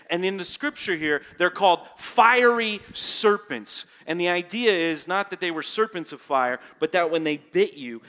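Male preacher, high bright voice, dramatic and animated with a live crowd. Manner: animated, dramatic storytelling, swings between hushed and loud. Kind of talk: lively sermon with a live snake prop. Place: church hall before a live audience.

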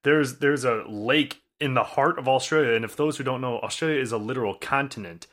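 A man's voice: medium pitch, brisk, a bit bright. A man co-hosting a podcast in casual chat, telling stories with a dry, wry manner. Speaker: podcast co-host.

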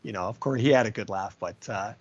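Animated man telling road stories. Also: fairly low pitch, fast, husky, muffled recording. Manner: animated anecdote-telling, many asides. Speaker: touring musician guest. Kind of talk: casual storytelling interview. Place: California.

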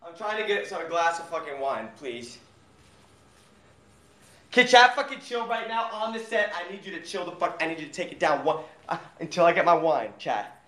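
A young man livestreaming who hypes up his chat with loud, profane shouting. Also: on the high side, animated, normal speed. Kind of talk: hyped livestream hype-up. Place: outdoors at night in a warm, mosquito-filled spot. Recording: echoey live stream audio.

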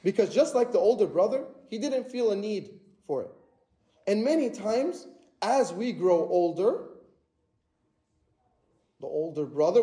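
Male preacher, high and mellow voice, earnest repetitive sermon delivery, echoey church.

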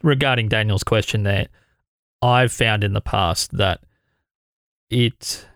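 Chatty Australian podcast host, dry sound. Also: male voice, on the low side, takes it slowly, vocal fry, a bit bright, no room sound. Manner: easygoing, chatty, reads listener questions aloud. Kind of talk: conversational interview.

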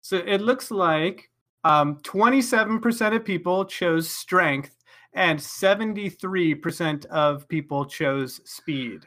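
Casual podcast host, mid-pitch, chatty and self-mocking. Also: slow, a bit bright. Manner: chatty, laughs often, many fillers. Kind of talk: casual group chat.

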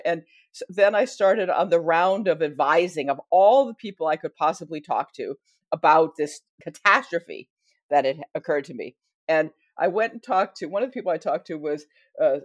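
A woman's voice: sits low, no echo, clean studio sound. A middle-aged American woman, a historian, telling a self-deprecating story in a casual interview. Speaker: guest historian. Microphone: wearing headphones at a mic.

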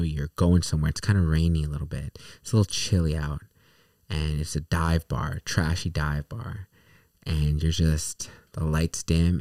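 A man's voice: a bass voice, a little mellow, dry recording, clean studio sound, recorded from a distance. A young man in casual chat, rambling and laughing as he tells a story. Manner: rambling, laughing, restarts a lot.

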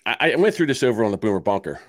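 A man's voice: medium pitch, very animated, very fast, no echo, studio quality. A man in his sixties co-hosting a podcast, telling a story in casual chat, swearing and acting out both sides of his phone calls. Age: 60s. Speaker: podcast co-host.

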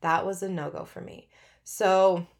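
A woman's voice: on the low side, fairly even intonation, a little slow. A middle-aged woman hosting a podcast, telling her own story in a candid, chatty way and often laughing mid-sentence. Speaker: podcast host. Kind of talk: personal storytelling monologue.

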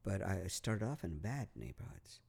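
A man's voice: sits low, sing-song, normal speed, creaky, darkish tone, husky. A man telling a long story in casual podcast chat, rambling, repeating words, swearing and using lots of fillers. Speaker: podcast guest.

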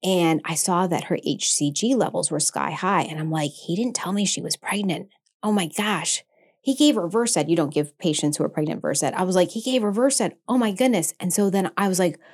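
A middle-aged woman speaking in a slightly low voice, telling her story candidly and earnestly. She talks in a loose, conversational way and often slips into quoting her own past thoughts. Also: fairly quick. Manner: earnest, emotional retelling with quoted inner speech. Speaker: podcast guest, nurse anesthetist and founder.

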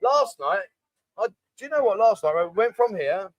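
A man's voice: high-pitched, big pitch swings, normal speed, no room sound, poor audio. A man hosting a casual livestream from a bar, hungover, rambling and joking as he reads out viewer comments. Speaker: livestream host. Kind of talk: casual chat. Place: bar, indoors, construction banging nearby. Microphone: microphone.

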